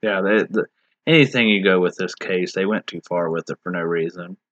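A man with a lowish voice talks in a loose, rambling way, restarting his sentences and leaning on filler words. The recording is dull and muffled, with a dry, close sound and no room echo. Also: steady tone, brisk, fairly bright tone. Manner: rambling, hesitant, many restarts. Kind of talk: casual discussion.

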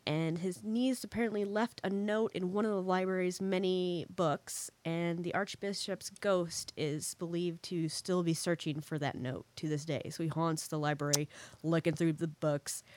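A woman's voice: lowish voice, fairly even intonation, moderate pace, dry recording. A young woman co-hosting a podcast, chatting casually and teasing her friend between laughs. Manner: joking, teasing, laughs a lot. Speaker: podcast co-host. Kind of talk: casual chat.

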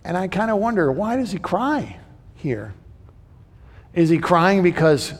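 A man preaching a sermon, his voice sitting somewhat high for a man. He talks in an animated way and acts out the people in the story. A long hall reverb trails each phrase. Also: measured pace, long pauses. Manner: animated, voices the brothers and Joseph in paraphrase.

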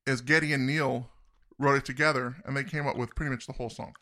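Guy gushing about songs on a podcast, bright forward voice, laughs a lot. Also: medium pitch, fairly even intonation, fast. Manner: enthusiastic, laughs often. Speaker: podcast co-host. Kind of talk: casual music discussion.

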